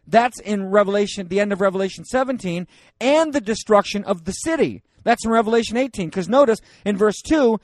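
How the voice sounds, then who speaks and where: A man's voice: sits high, no room sound. A man teaching a Bible study in a loose, joking, conversational way, reading scripture aloud with rising emphasis.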